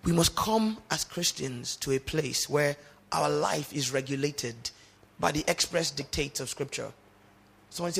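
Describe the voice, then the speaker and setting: A man's voice: a little high, unhurried, creaky, a bit bright, slightly rough. A man preaching a sermon in church, calling out to the congregation and urging them to repeat his words. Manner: emphatic call-and-response preaching. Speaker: pastor.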